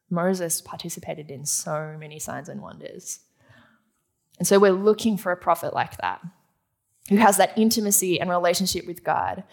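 Gravelly-voiced woman preaching a sermon. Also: fairly low pitch. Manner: teaching, asks the audience questions.

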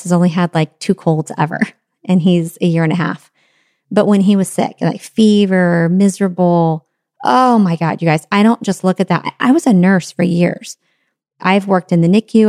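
A woman's voice: fairly low pitch, a little mellow, no room sound, studio quality. A middle-aged woman giving an earnest self-help talk on letting go, with repeated phrases and rhetorical questions. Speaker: motivational speaker.

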